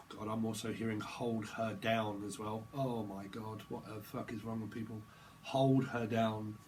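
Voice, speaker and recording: A man's voice: medium pitch, a little mellow, a little hiss or hum, low-quality recording. A man giving a rambling tarot reading, free-associating from word to word. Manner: rambling, free-associating, breaks into laughter and voices. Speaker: tarot reader.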